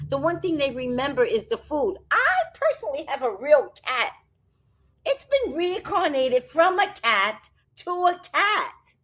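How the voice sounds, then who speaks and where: A woman chatting casually on a livestream, reading out comments with rambling, profane asides and jokes. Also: sits high. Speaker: vlogger.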